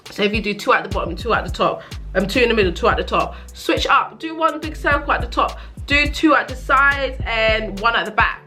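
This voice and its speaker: A woman in her thirties, a hair vlogger and mother, talking casually to camera in a chatty, animated way. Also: on the high side, soft background music. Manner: chatty, quick and animated, with laughs.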